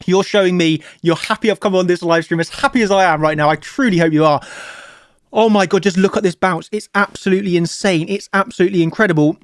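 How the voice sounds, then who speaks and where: Male streamer, high voice, dry close sound, giddy and over-excited, loops his words. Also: fast, no echo. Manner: hyped, emotional, repeats words, laughs often. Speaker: crypto trading streamer. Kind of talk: excited live stream chart talk.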